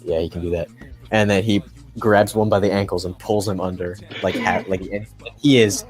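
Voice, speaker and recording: A man's voice: low voice, fairly even intonation, moderate pace. A young man narrating as game master, hesitant and full of fillers as he describes the scene. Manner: hesitant, many fillers and restarts.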